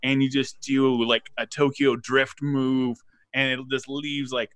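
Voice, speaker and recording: A man's voice: medium pitch, flat delivery, fairly bright tone. A man narrating a tabletop game as game master, rambling and laughing as he describes the scene. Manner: rambling, laughing narration with quick voices for gnomes.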